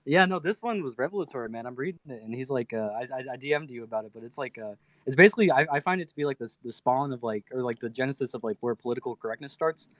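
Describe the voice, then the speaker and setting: A man's voice: medium pitch, very fast, few pauses, no room sound. A man calling into a casual chat on earbuds, rambling with lots of fillers and restarts. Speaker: caller, guest. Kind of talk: casual chat over a call. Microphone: AirPods on a call. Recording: dull lo-fi call audio.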